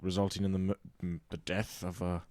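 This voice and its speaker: A man's voice: deep voice, level tone, brisk, a little mellow, dry recording. A man playing a tabletop game, bluntly arguing his case in character. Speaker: player.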